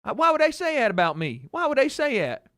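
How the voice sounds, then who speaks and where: A man's voice: extremely high pitch, wildly swooping pitch, brisk, bright, forceful tone, no room sound, clean studio sound, voice pushed up, heavily acted. A man imitating his older Southern father, who talks in an indignant, drawling, folksy way.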